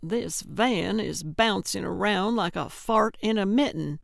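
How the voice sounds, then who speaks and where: A woman's voice: medium pitch, measured pace, creaky, no room sound, clean studio sound. A woman narrator voicing a feisty, blunt older woman amateur sleuth who snaps back grumpily. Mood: cranky, blunt. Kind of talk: audiobook character voice.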